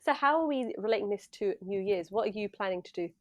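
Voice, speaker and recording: A woman's voice: medium pitch, animated, quick pace, no echo. A middle-aged woman from England co-hosting a casual podcast chat, laughing often and acting out what people say. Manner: chatty, laughs often, acts out quotes. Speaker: podcast co-host.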